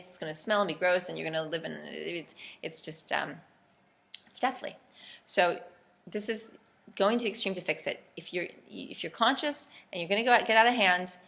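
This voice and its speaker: A woman's voice: on the low side, creaky, fairly bright tone. A woman giving a casual, earnest talk on cleansing habits, thinking aloud with frequent restarts and sometimes acting out imagined voices. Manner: acts out imagined voices with sudden lifts. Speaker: health and cleansing author. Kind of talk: casual instructional monologue.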